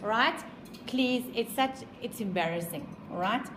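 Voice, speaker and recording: South African woman teacher, high voice, emphatic and repetitive, lecturing a class. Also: normal speed, fairly bright tone, roomy sound, a little hiss or hum, rough recording. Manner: emphatic, repeats points, quizzes the class.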